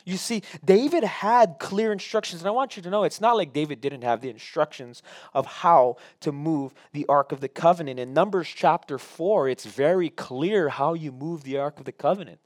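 Pastor guy preaching, slightly high voice, gets loud then drops way down quiet. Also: normal speed. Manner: preaching with swings from loud emphasis to quiet asides. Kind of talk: sermon.

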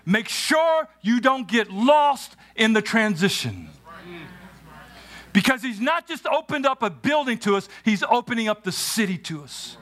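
A man preaching a sermon in a church, animated, acting out scenes and shouting at the peaks. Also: very high-pitched, a little slow. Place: church sanctuary.

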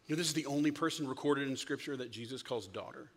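A male pastor giving a casual, conversational sermon, lively and acting out the lines he quotes. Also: medium pitch, fast talker. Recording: long hall reverb.

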